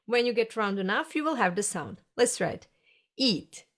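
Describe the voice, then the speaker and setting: A woman's voice: fairly high pitch, lively intonation, fairly quick. A woman narrating a pronunciation lesson in a patient, explanatory teacher's way. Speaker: language teacher.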